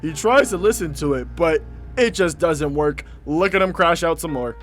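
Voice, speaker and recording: A man's voice: on the high side, lively intonation, normal speed, music in the background. A young man casually recapping a cartoon in a slangy, profane, laid-back way. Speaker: commentator.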